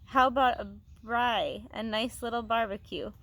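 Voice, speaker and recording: A woman's voice: fairly high pitch, moderate pace, fairly bright tone, slight background noise. Mocking storybook boy, crowing and cruel, read by a woman. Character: cruel laughing schoolboy, crowing.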